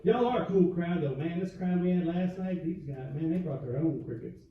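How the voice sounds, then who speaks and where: A middle-aged man from the South, performing a stand-up comedy set with punchy storytelling and quick comic voices. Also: fairly high pitch, recorded from a distance. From American South. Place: comedy club stage. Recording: echoey club with crowd noise, lo-fi. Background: audience laughter.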